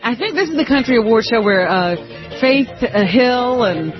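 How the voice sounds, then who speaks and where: Radio co-host lady, dry quick comebacks, lively pitch, muffled radio sound. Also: faint music behind. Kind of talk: casual radio chat. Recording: dull radio broadcast.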